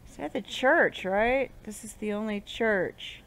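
A woman casually commenting while she plays a game, swearing and muttering to herself, with loud outbursts in between. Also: mid-range voice, unhurried, slight background noise. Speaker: gaming channel host. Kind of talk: casual let's-play commentary.

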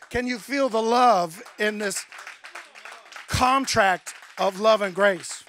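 High-voiced man preaching, dry sound. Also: a bit bright, no echo. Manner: conversational, acts out his own quoted thoughts. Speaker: guest preacher. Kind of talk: sermon with personal storytelling.

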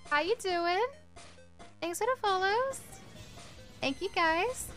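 A young woman streaming a game, excitable, swearing often and laughing between reactions. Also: very high-pitched, takes it slowly, faint music behind. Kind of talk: casual live-stream commentary.

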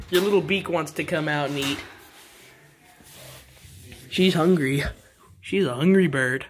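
Pet vlogger, baby talk to birds, sing-song coaxing, home by birdcages, mid pitch. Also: slow, pauses often, slight background noise.

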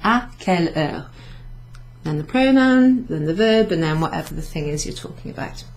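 A woman's voice: fairly low pitch, lively intonation, normal speed. Chatty woman teaching beginner French. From Wales. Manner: chatty, self-correcting, switching between French and English, light laughs. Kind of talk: recorded class summary lesson.

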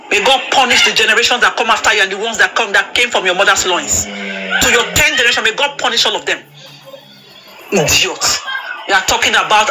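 A woman's voice: medium pitch, rough recording. A woman delivering a furious, insulting rant on a live video panel, stammering and repeating herself as she talks over a phone mic. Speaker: panel speaker. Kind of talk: angry live-stream rant.

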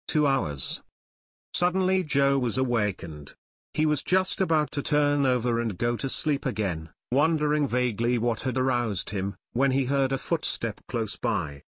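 A man narrating an unabridged audiobook in a steady, measured reading. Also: mid-range voice, dry recording, clean studio sound.

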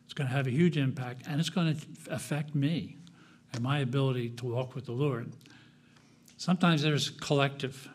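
A man giving a sermon at a church, telling his own story in a conversational, reflective way with frequent pauses and fillers. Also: medium pitch. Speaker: guest speaker. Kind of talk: personal testimony sermon.

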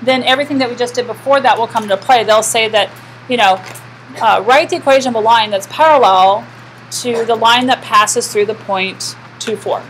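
A woman's voice: on the high side, moderate pace, a little hiss or hum, poor audio. Woman math teacher lecturing a class. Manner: asks the class questions and answers them herself.

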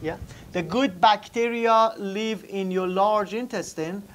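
A man's voice: sits high, slow pace, slight background noise. A man teaching anatomy to a live class, asking students questions and repeating key terms while writing on the board. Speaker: anatomy instructor. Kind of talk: classroom lecture.

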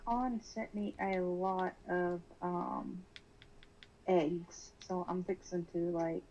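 A woman's voice: fairly low pitch, little pitch movement, takes it slowly, dark tone, highs cut off, slight background noise. A woman guest on a casual stream, chatting in an easygoing, giggly way.

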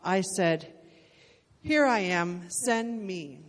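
Woman doing the scripture reading, steady and measured, mid pitch, big church echo. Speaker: scripture reader. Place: church sanctuary. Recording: church hall reverb.

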